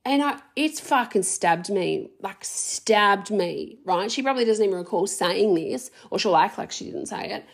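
Expressive and medium-pitched with vocal fry, a woman in her thirties talks at normal speed with hardly any pauses. Her raw, emotional vlog is full of swearing, fillers, rambling, and restarts.

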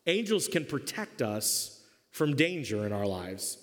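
A male pastor preaching a sermon, telling the story in a lively, humorous way. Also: medium pitch, unhurried. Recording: long reverb of a church hall.

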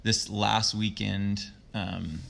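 A man talking as a youth sports coach in an interview, earnest and reflective, telling a story in a soft, thoughtful way. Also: fairly low pitch, little pitch movement, drawn-out words, gravelly. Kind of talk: conversational interview.

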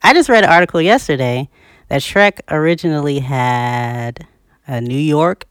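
A podcast co-host in a casual discussion, talking in an animated, emphatic way, with the pitch leaping up on key points and frequent laughter. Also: normal speed, no room sound, clean studio sound.

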